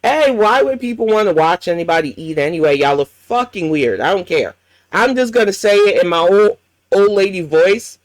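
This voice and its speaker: A woman's voice: lowish voice, animated, moderate pace, no echo. A woman hosting a reaction commentary, ranting bluntly and swearing often. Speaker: commentary channel host.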